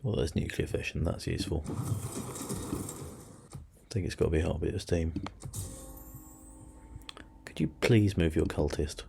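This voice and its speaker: A man's voice: rumbling low, measured pace, creaky, long pauses, music in the background. A man hosting a let's play, giving casual strategy game commentary and muttering to himself with self-deprecating asides.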